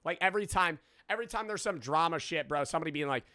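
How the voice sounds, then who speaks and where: A man's voice: fairly high pitch, lively intonation, racing, sharp tone, no echo, studio quality. A man in his twenties reacting to a video, rambling and swearing with laughing asides. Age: 20s. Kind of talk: casual reaction commentary.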